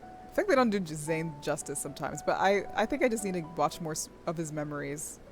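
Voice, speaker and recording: Excitable young woman streamer reading a game. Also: low-pitched, fairly quick, soft background music. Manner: excitable, gushing, squeals and laughs. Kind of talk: reading a game aloud with live commentary.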